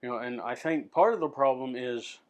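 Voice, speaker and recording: A man's voice: medium pitch, moderate pace, darkish tone. A man ranting to his camera in an unscripted vlog, swearing freely and stumbling over repeated words as he restarts his sentences. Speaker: vlogger.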